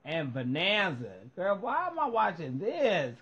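A man's voice: sits high, very animated, slow pace, fairly bright tone, breathy edge, muffled recording. A man hosting a casual video show, reacting in a sassy, profane way and laughing a lot.

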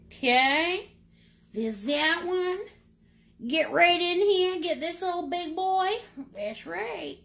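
A middle-aged painting instructor from Maine, United States, speaks in a very high, expressive, slightly bright voice that is slow and gravelly. She leads a live paint-along class in a playful, chatty way, full of pet names and silly sound words.

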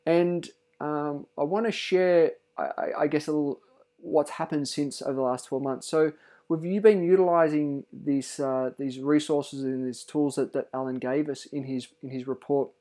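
A man's voice: fairly high pitch, steady tone, normal speed, warm tone. A middle-aged man, giving an earnest, heartfelt parent's testimonial in a casual way and often restarting his sentences.

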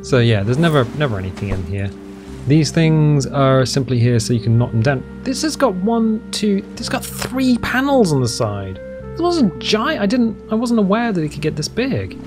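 A man's voice: fairly high pitch, very animated, moderate pace, music in the background. A man giving casual let's-play commentary as a gaming channel host, chatty and walking through the game steps as he plays. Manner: chatty, explains game steps while playing.

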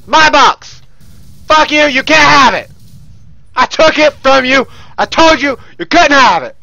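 High, gravelly man yelling at a game. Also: takes it slowly, dry recording, dull audio. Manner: loud, profane, yelling at the game. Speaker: gamer commentating his own play. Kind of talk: gameplay commentary. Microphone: close desk mic.

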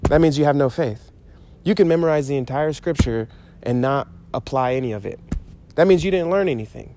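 A man's voice: mid-range voice, a little fast, warm tone. A man giving an informal, conversational sermon, emphatic and repetitive in his delivery. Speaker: preacher.

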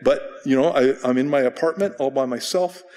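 A man's voice: medium pitch, a little fast, darkish tone, in a large hall. A male pastor teaching a Bible study in a loose, self-deprecating way, often restarting his sentences. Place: church sanctuary.

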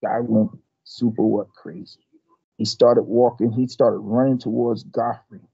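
Gravelly older man telling a story. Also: mid-range voice, a little slow, no room sound, dull audio. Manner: animated storyteller, restarts and repeats words. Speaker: martial arts master. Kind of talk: storytelling interview.

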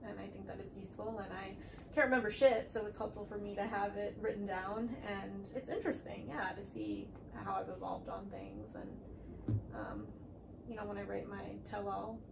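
A woman interviewer chats casually, hesitant and quick to laugh. She sits some way from the mic, so her voice sounds distant and roomy. Clear background noise runs underneath. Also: medium pitch, expressive. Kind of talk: casual conversation. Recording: distant mic in an echoey, noisy room.

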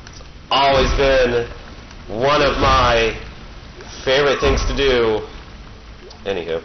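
Joking low-voiced man gaming. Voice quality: joking, rambling, playful. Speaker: let's-play gamer. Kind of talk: casual gameplay commentary. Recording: muffled with game noise behind. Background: game sounds.

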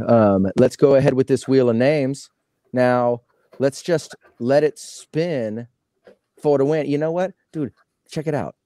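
A man's voice: medium pitch, measured pace, warm tone, no echo. A laid-back man hosting a live card box break, chatting casually in slang. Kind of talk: casual live-stream chat.

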